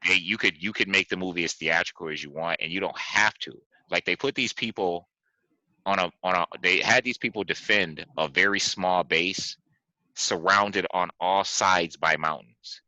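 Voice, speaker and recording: A man hosting a podcast, casually chatting about movies, animated and laughing, often repeating himself. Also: low voice, normal speed, dry recording, rough recording. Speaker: podcast host.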